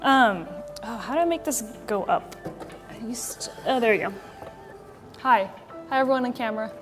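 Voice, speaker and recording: A woman's voice: fairly high pitch, long reverb tail. A woman giving a casual conversational sermon as a church's executive director, chatty and wry, with frequent ums and likes. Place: church meeting hall with live audience.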